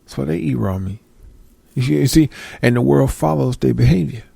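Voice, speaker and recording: A man's voice: medium pitch, expressive, brisk, vocal fry, dark tone, slightly rough, no room sound. A middle-aged man giving a casual sermon, reading scripture aloud and checking with listeners for agreement. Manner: conversational, asks listeners for agreement. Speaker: preacher.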